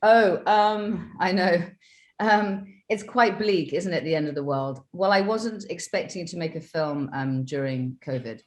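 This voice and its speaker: A British woman speaking on a video call as a film director. Her voice is lowish for a woman, and she talks thoughtfully, stopping often to search for words. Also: unhurried. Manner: thoughtful, many fillers.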